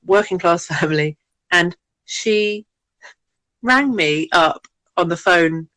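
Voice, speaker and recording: A woman co-hosting a podcast, telling an animated story and laughing often. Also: fairly low pitch, slow pace, dry recording. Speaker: podcast co-host. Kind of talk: casual chat.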